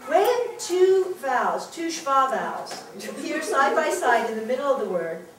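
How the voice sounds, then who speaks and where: A woman's voice: sits high, sing-song, unhurried, a crowd in the background. A woman teaching a Hebrew reading class, upbeat and laughing often. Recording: echoey classroom from far off. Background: class of adult learners.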